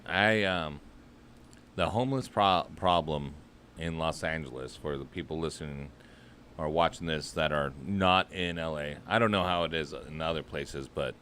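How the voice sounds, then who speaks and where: A man's voice: very deep voice, moderate pace, sharp tone, slight background noise. A man hosting a show, chatting casually with crude joking banter. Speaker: host. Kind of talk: casual chat.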